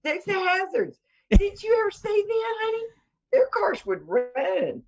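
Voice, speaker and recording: A woman's voice: very high voice, wildly swooping pitch, measured pace. A woman with a Southern US accent, a guest on a live-stream chat show, teasing and laughing. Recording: dull lo-fi stream audio.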